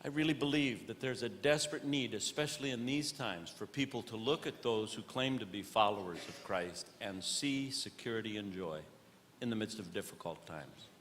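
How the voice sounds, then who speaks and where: With a fairly low voice at normal speed, a male comic questions people in the audience during a live stand-up set. He moves back and forth between earnest preaching and loud comedy, and the recording has long hall reverb and faint noise.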